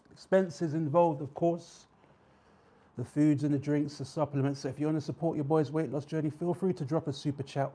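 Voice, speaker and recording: A young man hosting a live weigh-in stream, chatting casually with viewers and reading out their names with drawn-out shout-outs. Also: on the high side. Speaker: livestream host.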